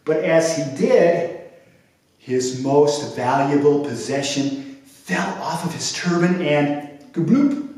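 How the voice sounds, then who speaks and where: A man narrates a children's folk tale in a playful, expressive way, throwing in sound effects. His voice sits a bit high and comes from a distance, with heavy room echo. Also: slow. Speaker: storyteller. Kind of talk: animated children's storytelling. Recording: echoey room, mic at a distance.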